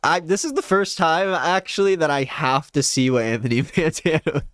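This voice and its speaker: A young man hosting a casual album reaction, loud and mocking, laughing often. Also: fairly high pitch, normal speed, over music. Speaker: music reaction host.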